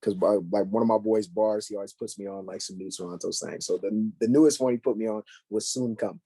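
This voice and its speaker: Husky young man with a dark voice. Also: fairly low pitch, a little fast, no echo. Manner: slangy, filler-heavy, animated storytelling. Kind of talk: casual podcast chat.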